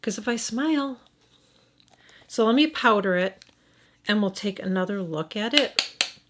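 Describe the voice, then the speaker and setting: A woman's voice: medium pitch, lively intonation, unhurried. Chatty Midwestern woman reviewing makeup. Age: middle-aged. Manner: thinking aloud, hesitant, frequent restarts and self-corrections. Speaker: beauty vlogger.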